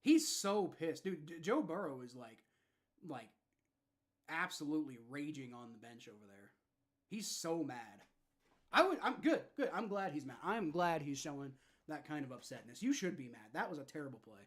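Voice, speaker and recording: A young man hosting a live fan reaction stream with play-by-play, frustrated and swearing, dropping to low mutters and rising to shouts. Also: lively intonation, moderate pace. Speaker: livestream reaction host.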